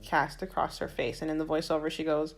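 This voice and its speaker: A woman's voice: low voice, little pitch movement, fairly quick. A woman with a Florida accent co-hosting a podcast, chatting casually and retelling film scenes with lots of "like" and "um". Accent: Floridian American. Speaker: podcast co-host. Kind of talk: casual chat.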